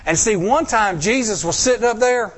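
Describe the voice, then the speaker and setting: A male preacher tells a story in a sermon, acting out voices and swinging between loud bursts and hushed lines. He has a high voice and speaks at a moderate pace.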